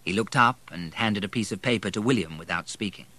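A man reads a novel aloud in steady, measured narration. His voice is bright and sits a touch low. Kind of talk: audiobook narration.

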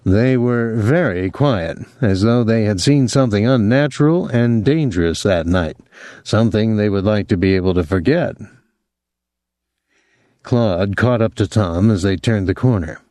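A man's voice: lowish voice, measured pace, warm tone, no room sound, clean studio sound. A man reading a novel aloud as an audiobook narrator, giving each character a voice.

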